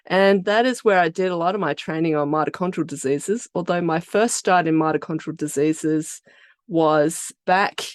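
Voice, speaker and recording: In a laid-back, conversational podcast interview, the Australian founder of a biotech company describes her research and career in her Australian accent. She speaks in a lowish voice, and the studio sound is clean with no echo.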